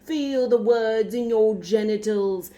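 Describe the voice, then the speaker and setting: A woman putting on a theatrical British Shakespeare teacher, a man who stretches every word slowly and loudly. His delivery is grand and drawn out, pitched a little above her own voice. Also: dull audio. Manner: slow, booming, overly dramatic diction.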